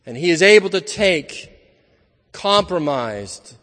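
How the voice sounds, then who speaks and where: A man's voice: high-pitched, very animated, slow, fairly bright tone, in a large hall. A man preaching an evening sermon in an earnest, emphatic manner, building his points through repeated phrases.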